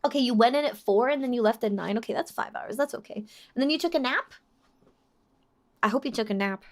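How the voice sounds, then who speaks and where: A woman's voice: a little high, expressive, quick pace, over loud music. A young woman streaming live, chatting with her chat while working on a song and trying out lines by singing them.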